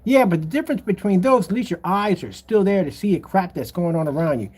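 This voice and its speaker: Brief: male vlogger cracking himself up, swooping animated pitch, slangy mocking rant. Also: fast talker, husky. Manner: jokey, laughs often, mocking; slangy, exaggerated. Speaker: screen paint seller. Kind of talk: casual ranting commentary.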